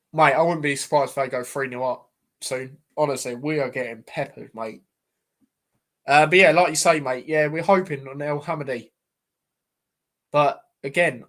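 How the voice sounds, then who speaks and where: A young man hosting a live football watchalong as a fan, chatty and exasperated, calling his viewers "mate" constantly. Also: fairly high pitch.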